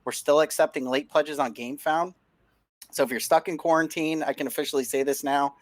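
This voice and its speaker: Casting note: male player promoting software on a live stream, upbeat and casual, dry close mic. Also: fairly high pitch, steady tone, a little fast, dry recording. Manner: upbeat, plugs products with casual filler. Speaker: player and software company representative. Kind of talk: casual livestream chat. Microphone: home mic on a video call.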